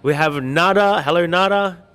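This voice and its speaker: Male livestream host, friendly and chatty, slightly raised pitch, long hall echo on the track. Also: moderate pace, fairly bright tone. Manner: chatty, greets viewers by name, light joking. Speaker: livestream host reading viewer comments. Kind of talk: upbeat live-stream chat.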